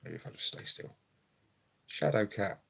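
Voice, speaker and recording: A man chatting quietly and casually on a live stream at home, filmed on his phone, rambling with lots of ums. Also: moderate pace, dull audio, a little hiss or hum. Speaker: hobby streamer. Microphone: phone camera.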